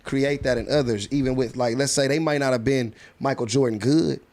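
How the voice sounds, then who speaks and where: Fast-talking Compton man, slangy. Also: mid-range voice, fairly even intonation, a little mellow. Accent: Compton, Los Angeles. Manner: fast, slangy, full of "you know what I'm saying". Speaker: podcast host. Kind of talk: casual podcast chat.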